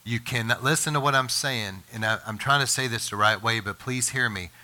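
A pastor delivering a sermon in an intense, bright and forceful voice of ordinary male pitch. He talks with the earnest urgency of a warning, his voice leaping up and growing louder at his strongest points. It is a man's voice, pressing and insistent throughout. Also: moderate pace. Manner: impassioned preaching, rises in pitch and volume when emphatic.

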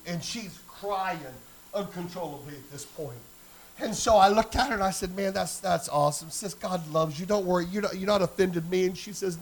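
A male pastor preaching a sermon, telling a personal story and building to fervent, shouted exhortation. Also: a little high, normal speed, husky.

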